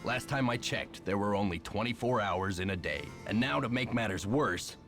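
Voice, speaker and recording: A man's voice: on the low side, moderate pace, close to an everyday voice. An actor playing a grumbling, put-upon male caretaker of a castle in a mystery game. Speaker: game character. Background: game music.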